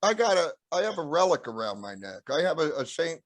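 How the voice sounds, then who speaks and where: Male guest, rambling storyteller, throat-clearing, dry close mic. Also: big pitch swings, brisk, dry recording. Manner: rambling, acts out quotes with raised pitch. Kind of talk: casual storytelling.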